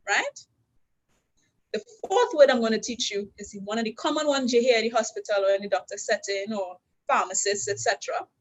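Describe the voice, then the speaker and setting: A woman with a Trinidadian accent, her voice sitting a little high. She walks listeners through simple hand signs, step by step, with patient, clear instruction. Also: a bit bright, low-quality recording. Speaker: sign language instructor. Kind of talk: teaching a class. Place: university orientation session.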